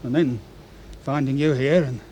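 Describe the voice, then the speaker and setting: An actor playing a defensive, resentful chief steward in a radio drama. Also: male voice, medium pitch, fairly even intonation, normal speed, mellow, a little hiss or hum, natural voice, low-quality recording. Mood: accusing. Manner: defensive and accusing. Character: nervous resentful male ship's chief steward. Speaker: ship's officer. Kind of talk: 1970s radio drama acting.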